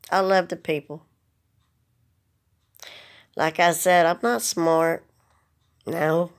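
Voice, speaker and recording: Pausing often, a vlogger speaks at a slow pace in a steady voice on the low side. She pleads earnestly and plainly to the camera, holding back tears, in an emotional direct message.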